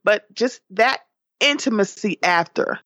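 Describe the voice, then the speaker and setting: A woman guest on a podcast, chatting casually, animated and profane, often laughing. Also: medium pitch, a little slow, no echo, studio quality. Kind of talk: casual chat.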